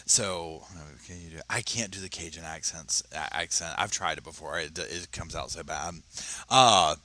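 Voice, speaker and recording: A man hosting a casual commentary channel, talking and reading an article aloud in a chatty, animated way, often stammering and restarting. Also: extremely low pitch, moderate pace. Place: home, at his computer.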